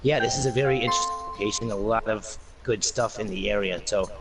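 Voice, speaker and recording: Low-voiced man thinking aloud. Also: fast talker, loud music behind the voice. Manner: thinks aloud with many fillers. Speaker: guest panelist. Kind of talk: casual group gaming discussion. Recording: distant mic with faint noise.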